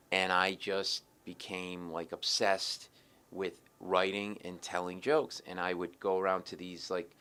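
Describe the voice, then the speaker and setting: A middle-aged man, a comedian telling animated stories in an interview and acting out the people in them. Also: low voice. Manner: acts out the other people in his stories, quick and lively. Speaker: stand-up comedian, interview guest.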